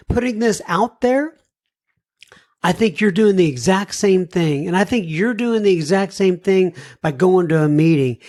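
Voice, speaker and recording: A man hosting a recovery podcast, reading listener emails aloud in an unhurried, folksy way, adding appreciative asides and letting his voice drop low and soft at the ends of sentences. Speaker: podcast host.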